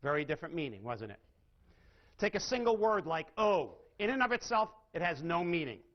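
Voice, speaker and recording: High-voiced male seminar speaker. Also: very animated, brisk. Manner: asks the audience questions, varies emphasis and pace. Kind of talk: live sales training lecture. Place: lecture hall with audience. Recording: dull lo-fi recording.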